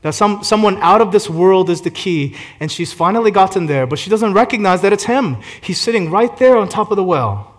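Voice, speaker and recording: A man preaching a sermon as a pastor, shifting from gentle hushed passages to loud fervent climaxes. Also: sits high, expressive, fairly quick, hardly any pauses.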